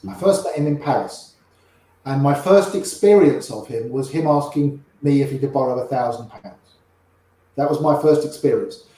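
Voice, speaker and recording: An older man, an interview guest, telling lively anecdotes and acting out the voices of the people in them. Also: medium pitch, normal speed, heavy reverb, poor audio. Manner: lively raconteur, acts out quoted voices. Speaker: interview guest, poker player. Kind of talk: anecdotal storytelling.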